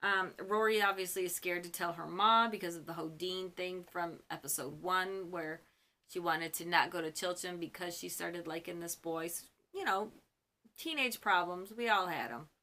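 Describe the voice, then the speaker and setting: A woman's voice: lowish voice, moderate pace, pushed and bright. A young woman from Michigan, recapping a TV episode in a gushing, chatty way as host of her fan channel. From Michigan, US Midwest.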